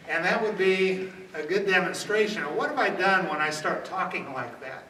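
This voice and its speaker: A man leads a self-defense workshop in a loose, demonstrative way, often checking in with "okay?". His voice is fairly high and bright. He's picked up from a distance in an echoey room. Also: expressive, normal speed, a little hiss or hum.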